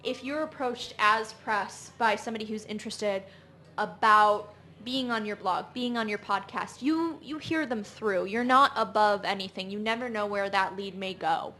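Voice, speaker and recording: A woman co-hosting a casual podcast chat, speaking in an earnest, measured way. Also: mid-range voice, pushed and bright, a little hiss or hum. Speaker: podcast co-host.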